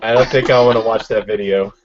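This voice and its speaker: A man's voice: on the low side, steady tone, quick pace, background noise. A man making dry, wry remarks in a casual online group chat. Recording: dull lo-fi video call audio.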